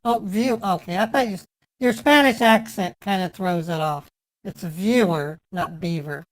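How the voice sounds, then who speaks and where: A man's voice: high voice, normal speed, no room sound. A man putting on the voice of a fussy, prim woman in her thirties for a prank phone call, chatty and nitpicking with mock flirting. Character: fussy, prim 36-year-old woman customer. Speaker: scambaiter.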